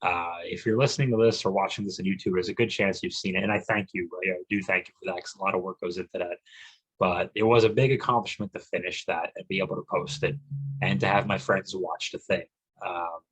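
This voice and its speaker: A man's voice: sits low, fairly bright tone, low-quality recording. A man in his forties hosting a solo comedy podcast, rambling and self-mocking, bursting into mock-macho rants. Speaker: podcast host.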